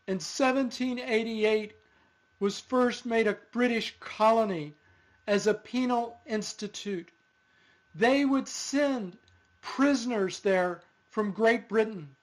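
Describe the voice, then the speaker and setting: A male pastor giving an earnest, emotional sermon in a church. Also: extremely high pitch.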